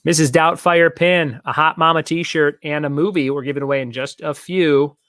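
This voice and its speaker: A man's voice: a little high, fairly even intonation, normal speed, fairly bright tone, no echo, studio quality. A man hosting a casual online trivia night, chatting in long rambling asides and repeating each question. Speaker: trivia host.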